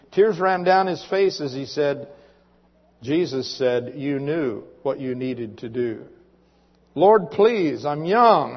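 A male preacher giving a sermon in a church, earnestly reading a dramatic poem to his congregation. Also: a little high. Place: church sanctuary. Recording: muffled recording with long reverb.

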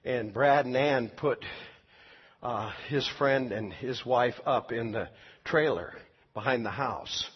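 Male pastor, husky, animated storyteller turned gentle altar call; muffled church recording, faint music. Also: medium pitch, takes it slowly. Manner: animated storyteller who laughs at his own tale, then soft pleading invitation. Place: church service.

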